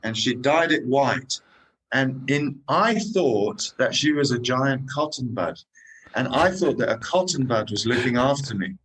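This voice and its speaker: Guest man telling animated travel stories. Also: mid-range voice, unhurried, slight background noise, low-quality recording. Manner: animated anecdotes, says "man" and "eh". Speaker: podcast guest, motorcycle traveler. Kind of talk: casual storytelling chat.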